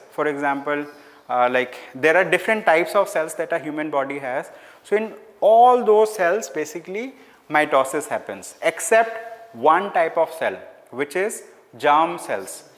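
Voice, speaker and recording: A man with an Indian English accent lectures a class in a slightly high voice, repeating key words and slipping into Hindi phrases. The room carries a long, hall-like reverb. The scratch of writing on a board runs under his talk. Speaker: teacher.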